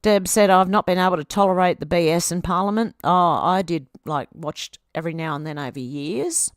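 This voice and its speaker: A woman's voice: fairly low pitch, fairly quick, no room sound, studio quality. A woman with an Australian accent, chatting casually on a live stream as she reads out viewer comments and reacts to them. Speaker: video host reading viewer comments.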